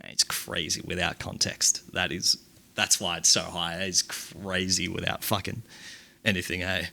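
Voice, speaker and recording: A man's voice: sits low, level tone, measured pace, creaky, pushed and bright. A man hosting a live stream, reading out chat quotes and reacting with dry asides and laughter. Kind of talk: casual live-stream commentary.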